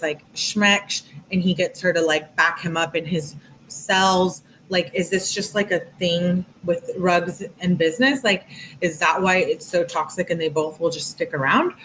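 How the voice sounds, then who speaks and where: A woman's voice: fairly low pitch, a bit bright, a little hiss or hum, low-quality recording. A woman giving casual true crime commentary, reading text messages aloud and breaking off with chatty asides. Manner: chatty, reads texts aloud with frequent asides.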